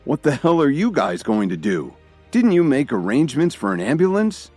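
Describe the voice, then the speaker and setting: A man voicing a wealthy, hot-tempered husband who gives orders and shouts when crossed. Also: low voice, big pitch swings, no echo, faint music behind, full character voice. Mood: angry. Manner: commanding, quick to shout.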